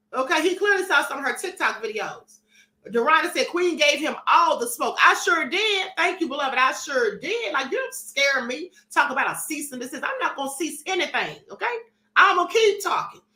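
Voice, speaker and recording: A woman's voice: high-pitched, sharp tone, reverberant. A woman hosting a live-stream commentary show, reading chat comments aloud in a sassy, defiant and emphatic way.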